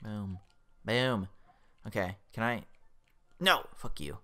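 A man's voice: on the low side, takes it slowly. A young man commentating his own gameplay, swearing a lot and yelping when the game startles him. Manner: excitable, swears often, yelps when startled. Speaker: let's play host.

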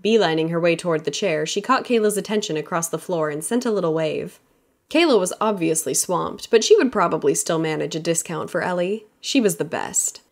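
A woman with a somewhat lower voice for her sex narrates an audiobook. Her storytelling is steady and even, in a plain scripted read. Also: brisk.

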